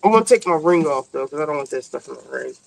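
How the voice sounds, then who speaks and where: A woman's voice: deep voice, lively intonation, fast, gravelly, slight background noise, low-quality recording. A woman hosting a casual chat show, asking lots of questions while she cooks. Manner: chatty, asks lots of questions. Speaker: show host.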